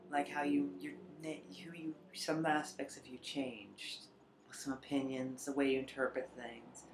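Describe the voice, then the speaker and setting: A trans woman talking reflectively in a personal vlog, rambling at times and sometimes dropping to a near whisper. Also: rumbling low. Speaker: vlogger. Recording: echoey room with faint background noise.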